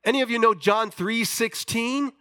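A man preaching a sermon, telling a story with animated delivery and questions to his listeners. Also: very high-pitched, moderate pace, smooth. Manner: animated storytelling, acting out voices, asks the audience questions.

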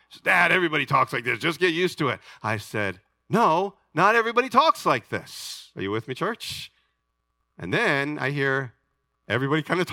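A man's voice: high-pitched, no echo. A middle-aged man preaching a sermon as pastor, calling out to his congregation and asking for an amen. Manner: animated preaching, calls to the congregation. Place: church sanctuary.

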